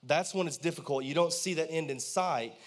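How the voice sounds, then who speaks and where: Animated pastor preaching. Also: male voice, fairly high pitch, brisk. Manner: conversational and animated, asks the congregation questions. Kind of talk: sermon. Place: church.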